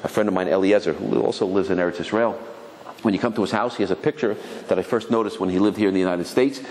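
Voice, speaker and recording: Fast-talking rabbi in an echoing hall. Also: male voice, sits low. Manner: animated storyteller acting out quoted voices. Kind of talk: storytelling sermon. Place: synagogue hall. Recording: long hall reverb, faint ambience.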